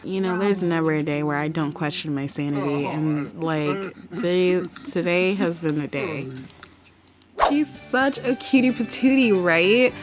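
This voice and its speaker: Woman, game host, casual commentary, animated, rambling, flustered. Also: fairly low pitch, a little slow. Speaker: gaming video host.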